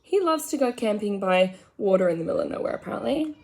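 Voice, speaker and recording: A woman's voice: mid-range voice, lively intonation, quick pace, creaky, few pauses, slight background noise. Chatty young Australian woman rambling. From Australian countryside. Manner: rambling, frank, full of "like". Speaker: makeup vlogger. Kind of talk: casual chatty commentary. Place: home.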